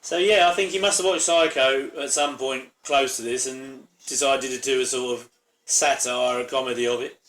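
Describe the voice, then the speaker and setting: A man's voice: medium pitch, steady tone, moderate pace, fairly bright tone. Chatty man reacting in an echoey room. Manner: chatty, rambling, full of asides and fillers. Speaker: channel host reviewing a TV episode. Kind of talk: casual reaction commentary.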